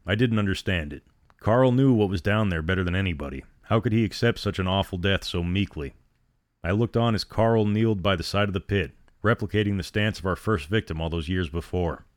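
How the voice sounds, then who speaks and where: A man reads a horror story aloud in a steady, grim tone. His voice sits very low, and the recording is dry and close, with no room sound. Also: brisk, no room sound. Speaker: narrator. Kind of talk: scripted horror story narration.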